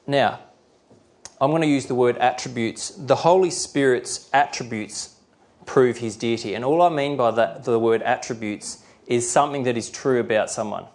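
A middle-aged man preaching a sermon, explaining his points in a plain, teaching way and reading scripture verses slowly and carefully. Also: mid-range voice, darkish tone. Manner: explanatory, with fillers and restarts.

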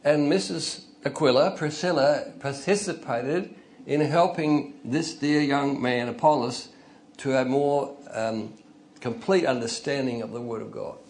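A man's voice: medium pitch, measured pace, a little mellow. Older man preaching a folksy sermon. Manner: conversational, storytelling, chuckles, rises to emphatic bursts. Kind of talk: informal sermon.

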